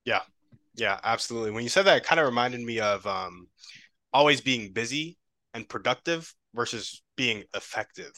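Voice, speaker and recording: A man's voice: medium pitch, animated, normal speed, pushed and bright, no room sound. A man hosting a podcast, affirming his guest and asking long, thoughtful questions. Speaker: podcast host. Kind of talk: interview questions.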